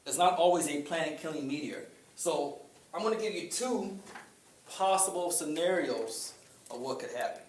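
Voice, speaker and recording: A man giving an informal talk to a group, conversational, pausing often with fillers. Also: fairly high pitch, animated. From Chicago. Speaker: speaker. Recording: echoey room with faint ambient noise.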